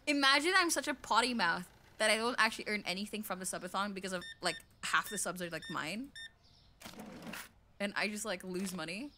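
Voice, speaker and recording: A woman's voice: mid-range voice, background noise. A woman streaming a game, chatting casually with her chat, swearing often and breaking into squealing laughs.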